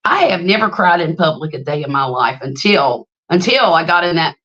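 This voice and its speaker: A woman's voice: low-pitched, animated, normal speed, fairly bright tone, lo-fi sound. Chatty woman in her fifties. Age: 50s. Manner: chatty and storytelling, greets viewers by name, laughs often. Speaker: livestream host. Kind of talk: casual livestream chat.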